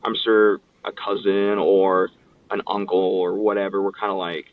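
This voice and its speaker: A man's voice: deep voice, normal speed. A man guest on an interview, telling stories casually and acting out what others said. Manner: animated storyteller acting out quotes. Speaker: guest, pro wrestler. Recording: distant, phone-like line.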